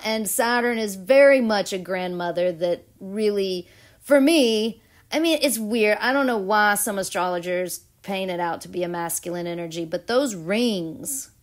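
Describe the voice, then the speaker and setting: Brief: bubbly woman hosting a tarot vlog, unhurried delivery, laughs often. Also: mid-range voice. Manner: giggly, bubbly, dramatic. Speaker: astrology and tarot vlogger. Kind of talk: casual tarot reading chat.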